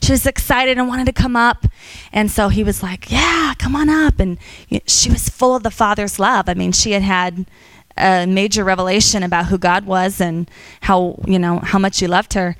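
Woman teaching a church class, smooth voice. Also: mid-range voice, normal speed, no room sound. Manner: storytelling, animated quotes, frequent fillers.

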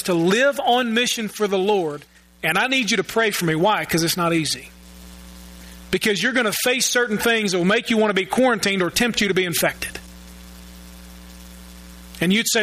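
A man's voice: high-pitched, pushed and bright, low-quality recording. A male pastor giving a sermon in a church, earnest and often repeating words as he searches for his phrasing. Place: church sanctuary.

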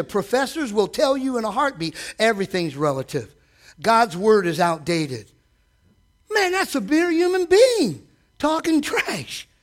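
A man preaching a sermon from a church stage, animated, asking the congregation direct questions and acting out quotes. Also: very high voice. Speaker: pastor.

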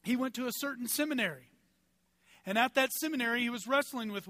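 Speaking quickly in a very high, bright, forceful voice with no room sound, a male pastor preaches a sermon. He keeps it conversational and story-driven, sharing personal anecdotes and piling up rhetorical questions.

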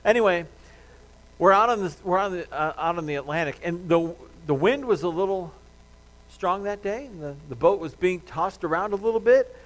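Animated, fairly high-voiced male pastor preaching. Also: normal speed, rough recording. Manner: animated preaching, swinging between loud pleading and low hushed tones; casual joking asides to the congregation. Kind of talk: sermon.

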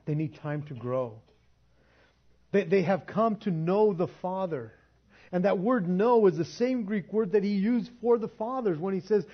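A pastor with a slightly high voice gives a sermon in church, speaking casually and conversationally. He stumbles, restarts his words, and laughs as he goes. The recording sounds dull and lo-fi.

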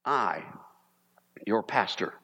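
A man preaches to his congregation, lively and animated, now and then jumping into exaggerated panicked voices to make a point. His voice sits on the low side. A long reverb trails each phrase through the church hall. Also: drawn-out words, husky. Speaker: pastor. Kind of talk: sermon.

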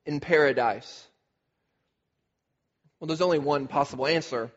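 A man preaching a sermon as pastor, animated and emphatic, full of rhetorical questions. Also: on the high side, a little slow, pauses often. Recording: dull recording with long hall reverb.

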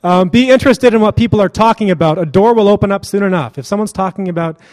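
A man delivers a sermon in a high, light voice. He keeps it conversational and blunt, with a joking edge. The sound rings with the long reverb of a large hall. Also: fast talker, darkish tone. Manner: casual, joking and blunt, laughs often. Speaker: preacher.

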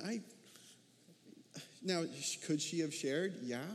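A fairly high-pitched man in his thirties preaches a sermon. He talks with animation and keeps asking his congregation questions. His voice rings with the long reverb of a big church hall. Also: takes it slowly, long pauses. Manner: animated, asks the listeners many questions. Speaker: pastor.

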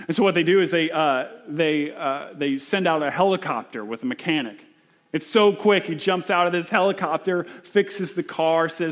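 A man's voice: on the high side, a little fast. A man preaching a sermon as a pastor in a church, telling stories and building to urgent repeated questions.

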